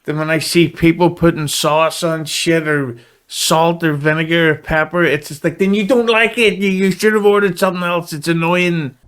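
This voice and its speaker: A man's voice: fairly high pitch, fairly even intonation, normal speed, fairly bright tone, clear, resonant tone. A tired man speaking as a guest on a casual film-review podcast, blunt and laid-back, swearing freely.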